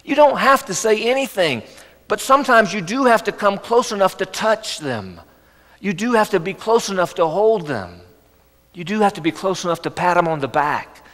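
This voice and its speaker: A man preaching a sermon as pastor, earnest and gently coaxing, often asking rhetorical questions. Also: high voice, lively intonation, normal speed. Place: church sanctuary. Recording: echoey church hall.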